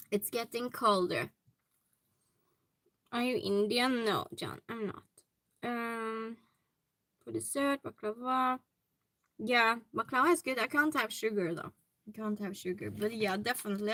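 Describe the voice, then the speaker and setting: A woman's voice: a little high, unhurried, pauses often, sharp tone, no room sound, poor audio. A woman hosting a hobby livestream from her home hobby room, chatting casually and greeting viewers by name as she reads their comments.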